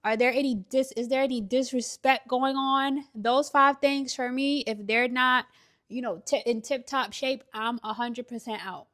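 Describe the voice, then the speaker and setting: A woman's voice: high voice, fairly even intonation, moderate pace, a bit bright. A young woman vlogger giving casual relationship advice while doing a puzzle, chatty and emphatic, with slangy turns of phrase. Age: young adult.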